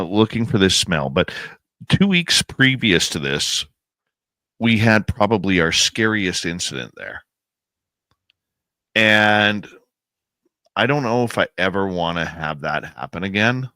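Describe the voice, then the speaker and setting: A man telling a suspenseful outdoor experience as a guest on a podcast, animated and pausing to build suspense. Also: lowish voice, dry recording. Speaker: guest, paranormal researcher and radio host. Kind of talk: casual storytelling in a podcast interview.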